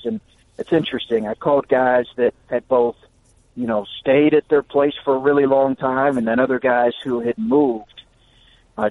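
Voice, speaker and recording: A man, a coach and radio guest, answering at length over the phone in an earnest, halting way with many fillers and restarts. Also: medium pitch. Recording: tinny phone line on a radio broadcast.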